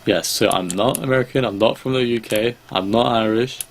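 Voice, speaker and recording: A man's voice: mid-range voice, brisk, slight background noise. A young Australian man streaming a game, chatting casually with viewers in a laid-back way and swearing now and then. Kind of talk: casual gameplay chat with viewers.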